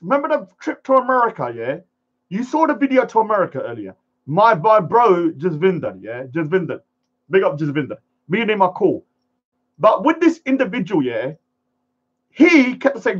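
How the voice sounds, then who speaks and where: A man's voice: high-pitched, sing-song, normal speed, breathy edge, lo-fi sound. A man ranting defiantly to camera, acting out pleading voices as he goes. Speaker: vlogger.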